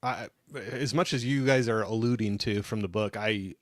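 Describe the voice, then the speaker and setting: A man's voice: lowish voice, normal speed, no echo, clean studio sound. Thoughtful man in a casual chat. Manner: thoughtful, hesitant, asks questions. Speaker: podcast co-host. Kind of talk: casual live discussion.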